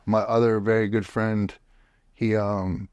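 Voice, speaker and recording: A man's voice: lowish voice, little pitch movement, a little slow, darkish tone, clear, resonant tone, no echo, muffled recording. A man telling his story as a podcast guest, blunt and profane, with frequent restarts, recorded in a home office. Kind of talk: casual storytelling.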